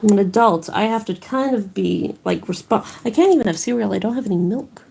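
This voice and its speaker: A chatty woman talking on a late-night livestream, wandering from one thing to the next. She pokes fun at herself as she goes, and her pitch swings widely up and down. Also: expressive, a little fast, gravelly, warm tone, husky. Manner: rambling, chatty, self-deprecating. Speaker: artist livestreamer. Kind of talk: casual livestream chat.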